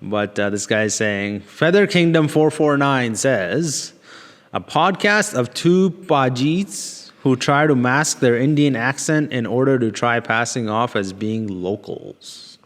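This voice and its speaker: A young man co-hosting a casual podcast, chatting and laughing with animated banter. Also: mid-range voice, measured pace, hardly any pauses. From Canada. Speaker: podcast co-host. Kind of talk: casual chat. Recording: long hall reverb.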